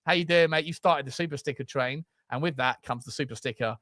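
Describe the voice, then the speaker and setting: A man co-hosting a casual football podcast, chatty and laughing often as he reads out viewer shout-outs. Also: mid-range voice, fast, no room sound, clean studio sound. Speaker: co-host.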